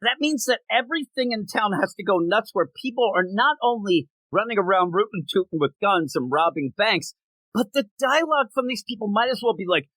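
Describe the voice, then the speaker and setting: Man co-host, casual comics chat, bright and sharp tone, dry close mic. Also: high voice, no echo, rough recording. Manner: animated, laughs a lot, acts out quick character voices. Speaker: podcast co-host.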